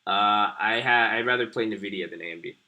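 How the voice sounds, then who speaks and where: A man's voice: fairly low pitch, fast talker, bright, forceful tone. Rambling, slangy young man streaming. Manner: rambling, slangy and profane, chatting to viewers. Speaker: stream host. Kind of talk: casual live-stream commentary.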